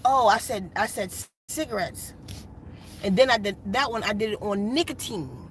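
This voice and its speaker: A woman's voice: mid-range voice, moderate pace, a little hiss or hum. A woman hosting a meditation channel, telling a personal story in a casual, earnest and repetitive way from inside her RV. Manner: earnest, repetitive, emphatic retelling.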